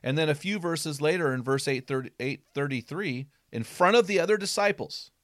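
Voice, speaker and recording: Emphatic higher-voiced man, dry sound. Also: a little fast, no room sound. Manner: emphatic, acts out quotes with sudden loud bursts. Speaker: podcast guest, former football coach. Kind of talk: animated casual Bible talk.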